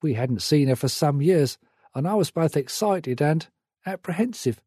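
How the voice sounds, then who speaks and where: A man reads a memoir aloud, measured and reflective, with a mellow, soft tone. His voice sits a little high for a man, and the recording is dry and close. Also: expressive, slightly rough, no echo. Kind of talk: audiobook memoir narration.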